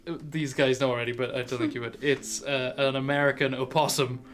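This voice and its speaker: A man narrating a tabletop game as game master, loose and chatty with lots of filler words. His voice sits at a middling pitch. A faint hiss runs underneath. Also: flat delivery, fairly quick.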